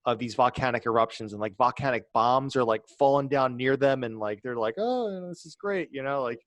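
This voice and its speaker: A man's voice: mid-range voice, steady tone, brisk, a bit bright, dry recording. A man co-hosting a casual podcast, rambling with fillers and restarts. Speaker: podcast co-host. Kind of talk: casual chat.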